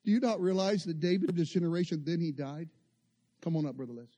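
A man preaching a sermon, telling stories and building to impassioned, loud peaks. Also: a little high, fast.

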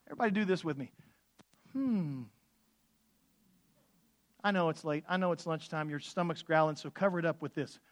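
A man preaching a sermon, swinging between loud outbursts and hushed asides. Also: fairly high pitch, normal speed, pauses often. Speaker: pastor.

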